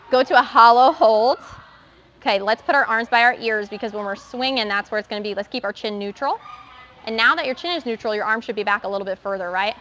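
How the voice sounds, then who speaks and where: A young woman runs a gymnastics practice and calls out brisk cues and praise to her young athletes. Her voice sits high and sounds bright and clear. She keeps the instructions quick and encouraging. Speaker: gymnastics coach. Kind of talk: live coaching in a gym. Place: gymnastics gym.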